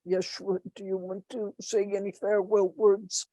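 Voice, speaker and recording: A woman channeling a spirit, offering a gentle, solemn and affectionate blessing before closing in her own voice. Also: mid-range voice, little pitch movement, moderate pace, few pauses, dry recording, poor audio. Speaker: channeler and meditation teacher.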